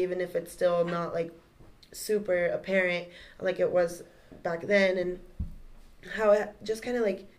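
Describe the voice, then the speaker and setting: A young woman in a class discussion, talking quickly with many fillers. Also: on the low side, darkish tone. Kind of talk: casual discussion.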